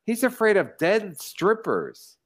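A man's voice: sits high, huge pitch swings, slow. Guy hosting a podcast, cussing a lot, keeps tripping over his own words. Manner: profane, stammering restarts. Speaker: podcast host. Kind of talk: casual chat.

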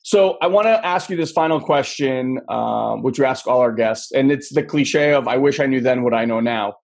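Male podcast host, loose and chatty, mid-pitched. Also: normal speed, creaky, a little mellow. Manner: loose and chatty, many fillers. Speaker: interview host. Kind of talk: casual interview.

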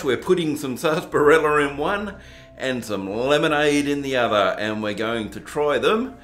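A man's voice: medium pitch, fairly bright tone. A man from Tasmania with an Australian accent, chatting casually and jokily as he reviews drinks for his home video channel. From southern Tasmania. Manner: chatty, self-mocking, plays up the poshness as a joke. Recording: roomy echo with faint background music.

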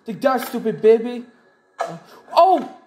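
A woman playing a horror game, reacting in quick exclamations and curses. Her voice is a little high and lively, swinging widely in pitch, though she talks slowly overall. Loud noise runs under the whole recording. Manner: excitable, exclamatory, swearing. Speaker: gamer. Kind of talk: let's play commentary.

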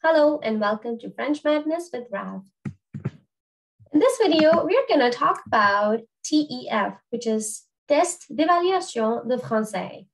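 A woman's voice: sits high, very animated, a little slow, creaky, poor audio. A young woman French teacher explaining an exam to learners in a chatty way, with frequent fillers and restarts.

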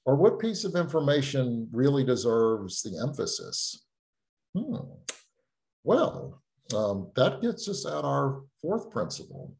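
Man, middle-aged, writing instructor, animated pitch, chatty lecture with restarts. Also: takes it slowly, creaky. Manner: conversational, thinks aloud with fillers and restarts. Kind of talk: online lecture.

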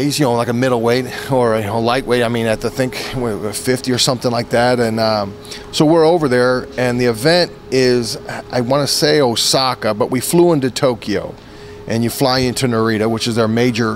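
Casual male guest, mid-pitched voice, rambling storyteller, lots of restarts, faint background noise. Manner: rambling anecdotes full of "you know" and restarts. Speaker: interview guest, former fighter.

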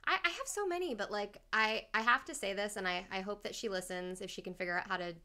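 A woman co-hosting a podcast, animatedly telling a personal story in casual chat. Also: mid-range voice. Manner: animated storyteller, quick asides. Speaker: podcast co-host.

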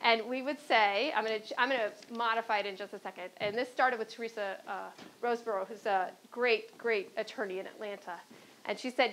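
Higher-pitched Chicago woman on a panel. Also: steady tone, brisk, fairly bright tone, slight background noise, rough recording. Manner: anecdotal, often adds "right?". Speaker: panelist, former court clerk. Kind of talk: speaking on a panel.

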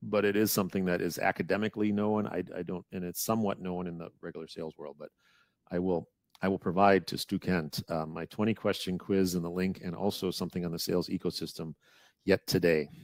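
A man's voice: deep voice, flat delivery, fairly quick, dry recording. A man with a Wisconsin accent, presenting at a webinar and rambling through a casual explanation with many restarts over a video call. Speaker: guest presenter.

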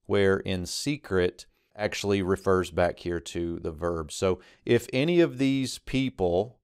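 A man's voice: on the low side, a little mellow, no room sound, clean studio sound. A man teaching Biblical Hebrew, methodically walking through a verse in a screen-recorded lesson. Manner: methodical, explains step by step while circling text on screen.

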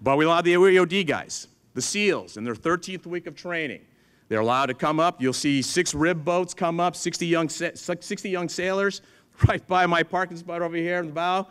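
A man's voice: a little high, normal speed, fairly bright tone, clear, resonant tone. A middle-aged man, a museum chief engineer, telling stories to an audience and acting out dialogue. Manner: storytelling, acts out dialogue with others. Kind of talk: animated speech to an audience.

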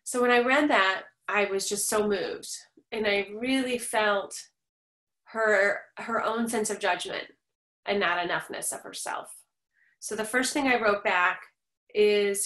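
A woman teaching a parenting class, talking in a gentle, reassuring and reflective way, often pausing to repeat herself. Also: mid-range voice, reverberant. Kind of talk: recorded online class Q and A.

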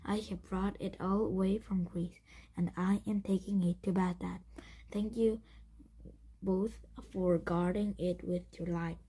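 A woman reading the lines of a calm, wise grown male caravan leader in a slow, breathy, half-whispered voice. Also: fairly low pitch, full character voice.

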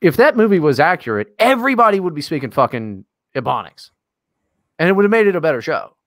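Profane, sarcastic American man with lively pitch. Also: quick pace, dry recording, studio quality. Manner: profane and sarcastic, many fillers. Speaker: podcast co-host. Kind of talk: casual chat.

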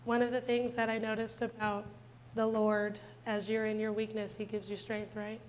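Woman, 20s, church testimony, slightly high and even voice, sincere and direct with the congregation. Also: moderate pace, slight background noise, rough recording. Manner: earnest, heartfelt storytelling that addresses the congregation directly. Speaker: church speaker giving a testimony. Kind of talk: personal testimony in a church service.

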